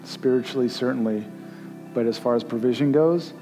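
A man's voice: mid-range voice, normal speed, over music. A male pastor giving a conversational sermon and leading communion, rising to emphatic peaks.

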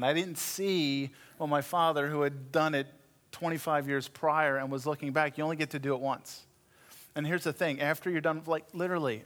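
A middle-aged man preaching with animated storytelling and a dry, self-deprecating humor. His voice sits a little higher than most men's, and it climbs even higher when he acts out the people in his stories. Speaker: pastor. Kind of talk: sermon.

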